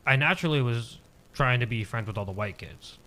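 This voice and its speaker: A man's voice: mid-range voice, lively intonation, brisk, pushed and bright. A man in his twenties, a podcast guest, telling a personal story casually and hesitantly, with many filler words.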